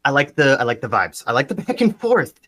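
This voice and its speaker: A man's voice: mid-range voice, big pitch swings, bright, forceful tone. A man improvising a groom who hesitantly hints at a scheme, in live improv comedy. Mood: scheming. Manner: halting, hesitant, full of ums. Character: groom hinting at a sly arson scheme.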